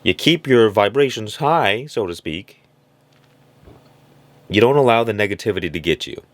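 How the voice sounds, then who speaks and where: A man's voice: fairly low pitch, expressive, normal speed, dry recording. A man giving a reflective motivational monologue, illustrating his points with little stories and acted-out voices. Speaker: self-help speaker.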